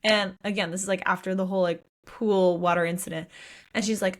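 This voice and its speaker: A woman's voice: medium pitch, fairly quick. A woman co-hosting a podcast, casually recapping a book and acting out the characters' lines with swearing and exclamations. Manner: animated retelling with voiced quotes and swearing. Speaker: podcast co-host.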